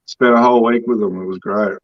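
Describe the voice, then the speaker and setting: A man's voice: fairly low pitch, steady tone, quick pace, a crowd in the background. A man joining a podcast chat as a guest, easygoing and agreeable. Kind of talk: casual chat. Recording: distant, dull lo-fi sound.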